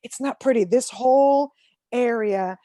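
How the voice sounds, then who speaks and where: A woman in her forties doing a stand-up comedy set over a video call from home, self-mocking and animated, acting out voices and shouting punchlines. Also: fairly high pitch, a little slow, no echo, studio quality.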